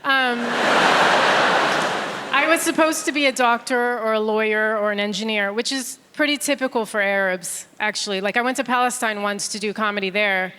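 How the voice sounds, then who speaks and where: A woman's voice: fairly high pitch, normal speed, pushed and bright, slight background noise. A woman in her forties from an Egyptian family, doing a dry, conversational stand-up set with acted quotes on a theatre stage. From Egyptian family, raised in America. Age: 40s. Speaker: stand-up comedian. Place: large theatre stage before a laughing audience. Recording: live theatre with long hall reverb.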